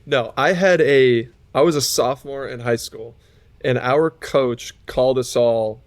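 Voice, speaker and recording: A man's voice: medium pitch, measured pace, no echo. A man co-hosting a podcast, telling a story in a rambling way, full of fillers and restarts. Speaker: podcast co-host. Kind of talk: casual chat.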